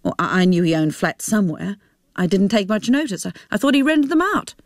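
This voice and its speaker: A woman's voice: mid-range voice, big pitch swings, fairly quick, dry recording, studio quality. A woman voicing a young man, the dead man's son, in a near-plain voice. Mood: defensive.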